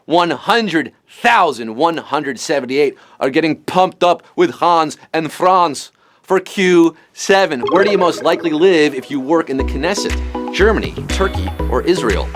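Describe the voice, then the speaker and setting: Male quizmaster with a high voice and a stream of puns, over soft music. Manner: punny, jokey, fast-talking quizmaster. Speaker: quiz show host. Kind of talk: live trivia show hosting.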